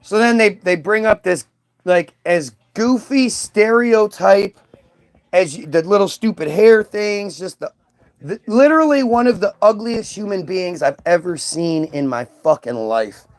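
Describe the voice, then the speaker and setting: Ranting, high-voiced male commentator. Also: expressive, measured pace. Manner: ranting, sarcastic. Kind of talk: casual reaction commentary.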